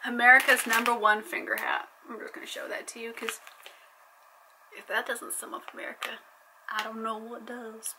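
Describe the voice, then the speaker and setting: A woman's voice: a little high, flat delivery, moderate pace, very noisy. A young adult woman chatting playfully in a casual vlog, joking as she tries snacks. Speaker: vlogger.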